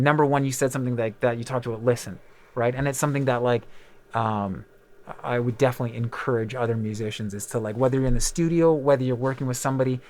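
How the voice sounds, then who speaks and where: Fast-talking man telling candid stories. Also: mid-range voice, a little mellow. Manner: rambling, candid storytelling with many fillers and swearing. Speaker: podcast host and musician. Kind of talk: casual chat.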